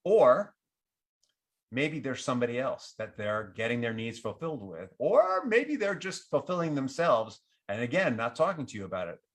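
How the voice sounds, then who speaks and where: A man giving relationship advice, acting out what partners might say in a livelier voice. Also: moderate pace. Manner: animated, acts out quoted partners with lifted pitch. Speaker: relationship advisor. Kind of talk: advice talk to camera.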